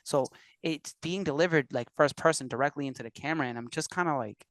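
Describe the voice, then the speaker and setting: With a slightly high voice, a quick pace, and few pauses, a Puerto Rican man tells stories on a podcast and acts out the quotes with animation. He's a musician and producer, chatting in a casual interview with no room sound.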